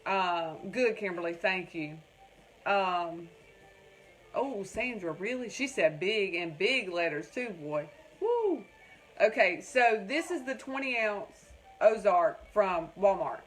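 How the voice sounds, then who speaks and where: Slow-paced and lively in intonation, this crafting livestream host's mid-range, fairly bright voice carries a North Carolina Southern accent over soft background music in a low-quality recording. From home, she rambles chattily, reads out viewers' comments and keeps calling them "y'all."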